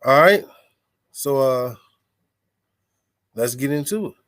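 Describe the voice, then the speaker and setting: A man's voice: medium pitch, animated, slow pace, a bit bright. A man from the Washington DC area hosting a podcast in loose, profane, hyped-up casual chat. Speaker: podcast host.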